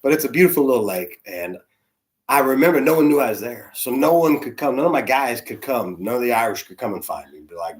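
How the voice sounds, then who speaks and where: A man, a church's senior spiritual leader, preaching in a conversational, animated storytelling way with soft asides. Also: mid-range voice, quick pace. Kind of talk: storytelling sermon.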